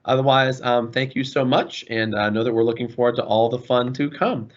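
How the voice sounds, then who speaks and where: A male school administrator speaks on a video call, the sound missing its highs, leading an online information session for parents. His mid-range voice holds a steady tone at a brisk pace, and he is earnest, apologetic and warm toward students as he fields questions.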